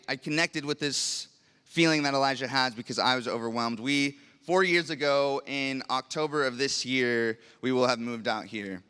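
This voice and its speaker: A man's voice: medium pitch, sharp tone, clear, resonant tone, big-room sound. A young male pastor preaching a sermon, telling a personal story in an earnest way that sometimes turns emotional. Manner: earnest, grows emotional, acts out prayers. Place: large church hall.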